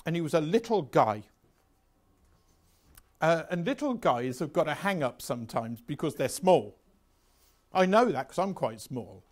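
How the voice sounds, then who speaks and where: A man's voice: on the high side, sing-song, unhurried, long pauses. Chatty anecdotal lecturer in his sixties. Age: 60s. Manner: chatty, anecdotal and self-mocking. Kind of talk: revision lecture.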